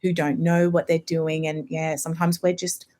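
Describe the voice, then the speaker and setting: Low-voiced woman telling stories on a podcast. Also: normal speed. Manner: animated storytelling, many fillers like "you know". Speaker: homeopath guest. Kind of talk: casual podcast conversation.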